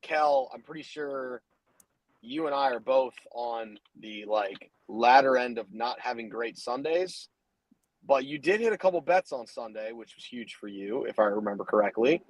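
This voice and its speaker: A man hosts a casual betting podcast while driving. He talks loose and hyped, rambling and restarting with fillers. His voice is dry and close, with a middle pitch. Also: lively intonation, moderate pace, dry recording, poor audio. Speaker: podcast host.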